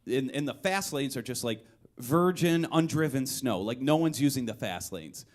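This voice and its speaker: On a live music venue stage, a young man performs an animated one-man comedy story at a moderate pace, shouting and using high-pitched voices for the people he quotes while the audience laughs.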